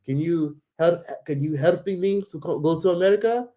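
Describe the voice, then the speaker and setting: A man puts on a pushy young man who keeps pleading for a favor. The voice leaps up high and sounds excited. It is eager and insistent. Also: normal speed, lo-fi sound, close to an everyday voice.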